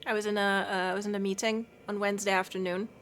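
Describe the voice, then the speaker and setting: A woman's voice: mid-range voice, level tone, fast, fairly bright tone, a little hiss or hum. Chatty, giggly woman streamer. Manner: chatty and giggly, baby-talking to her cat. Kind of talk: casual chat with stream chat.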